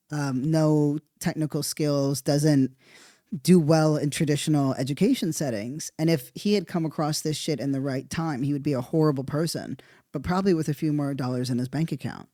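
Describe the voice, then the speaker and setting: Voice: medium pitch, warm tone, dry recording, clean studio sound. A podcast host giving a casual monologue, rambling and profane, thinking aloud and tagging points with "right?".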